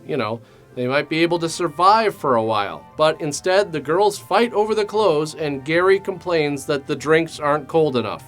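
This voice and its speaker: A man hosting a comedic movie review, with a slightly high and very lively voice. He delivers sarcastic, deadpan asides over faint background music.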